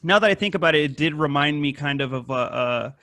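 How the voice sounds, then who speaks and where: Man, podcast host, fairly high voice, dry sound, rambling profane chat. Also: quick pace, no room sound. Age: adult with wife and kid. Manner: rambling, swears a lot, animated retellings.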